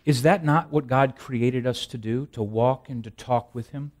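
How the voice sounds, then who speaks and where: Speaking at an ordinary pace in a slightly mellow, medium-pitched voice, this pastor addresses his congregation conversationally instead of orating. Rhetorical questions, repeated phrases, restarted sentences, and jokes at his own expense mark his sermon.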